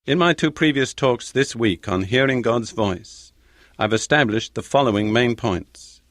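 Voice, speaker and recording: A man preaching a sermon in a measured, deliberate way, repeating key phrases for emphasis. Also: mid-range voice, expressive, a bit bright, no echo.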